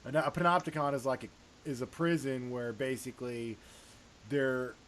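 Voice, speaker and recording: A man's voice: medium pitch, moderate pace, a bit bright, slight background noise. A man co-hosting a casual talk show, explaining ideas with wry asides. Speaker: podcast co-host. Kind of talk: casual chat.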